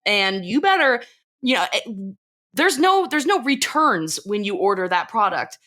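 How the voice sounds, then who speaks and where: A woman's voice: mid-range voice, sing-song, measured pace, bright, forceful tone. A woman voicing a blunt middle-aged businesswoman who swears in exasperation. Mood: exasperated.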